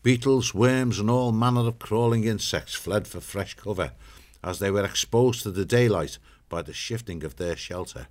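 A man narrating a storybook in a steady, measured way. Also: lowish voice.

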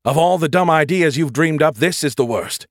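A man's voice: fairly high pitch, moderate pace, dry recording, clean studio sound, voice pushed up, lightly acted. A man voicing a snarky, dramatic male AI with a tiny hologram avatar, whiny and exasperated. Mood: grumbling, scornful.

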